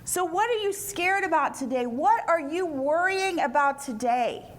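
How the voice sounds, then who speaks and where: A woman speaker at a retreat giving informal Bible teaching in a lively, colloquial storytelling manner. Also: very high-pitched, unhurried.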